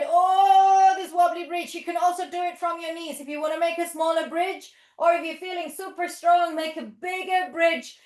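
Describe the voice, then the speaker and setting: High-voiced woman leading toddler yoga. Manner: playful sing-song cues with barking and animal noises; encouraging step-by-step instruction. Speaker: children's yoga teacher. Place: yoga studio or hall. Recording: echoey room.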